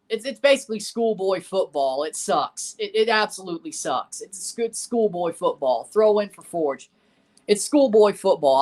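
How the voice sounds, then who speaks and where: A man whose voice sits high and sounds a bit bright hosts a soccer watchalong stream, reacting to the match and replying to chat. He comes across as blunt and opinionated, going over the same points more than once.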